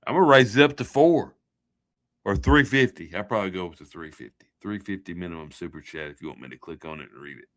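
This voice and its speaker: A man's voice: sits low, fast talker, a bit bright. A man hosting a livestream, rambling through a joking, folksy sign-off chat. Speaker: livestream host.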